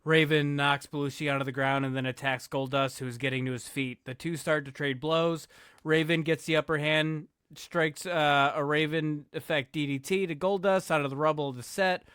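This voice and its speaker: A man's voice: a little high, fairly even intonation, moderate pace, fairly bright tone, smooth, dry recording, studio quality. A man hosting a podcast who casually narrates wrestling segments, self-correcting as he goes. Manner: laid-back, stumbles and self-corrects, self-deprecating.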